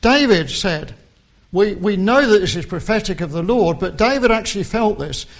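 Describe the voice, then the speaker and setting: A man preaching a sermon, slow and deliberate, quoting scripture with rising emphasis. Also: sits high, animated.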